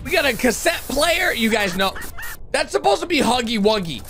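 A young man hosting an excited reaction commentary on animations, with loud outbursts and laughter. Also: high-pitched, moderate pace. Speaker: YouTube host reacting to animations. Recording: background music under the voice.

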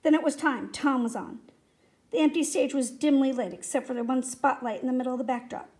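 A woman reading a children's story aloud in a steady, expressive way. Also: high-pitched, fairly quick. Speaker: reader.

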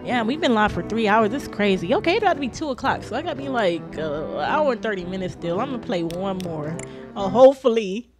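A young woman streaming a game live, reacting loudly and profanely with casual commentary. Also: medium pitch, sing-song, fast, music in the background.

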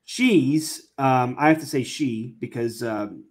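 A man co-hosting a podcast, giving quick, earnest political commentary in casual chat. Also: mid-range voice. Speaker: podcast co-host.

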